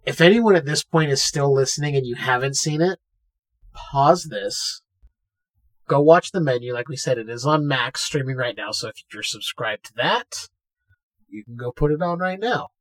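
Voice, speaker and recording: A man's voice: medium pitch, normal speed. A man co-hosting a podcast, casually recapping a film and acting out lines from its scenes. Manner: animated retelling, acting out quotes from scenes. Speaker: podcast co-host. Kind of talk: casual movie recap chat.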